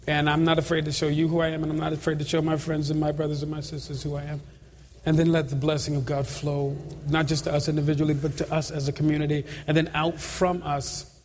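A man's voice: fairly high pitch, completely flat delivery, fast talker, a little mellow, slight background noise. A middle-aged male pastor giving an altar call and leading prayer, earnest and pleading, often repeating phrases. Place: large church sanctuary. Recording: reverberant hall with faint ambience.

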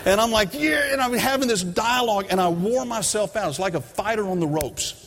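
A man's voice: high voice, brisk, creaky, a bit bright. A middle-aged man preaching a sermon, telling a story and acting out his own side of the dialogue with emphasis. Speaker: pastor. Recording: long reverb of a large hall.

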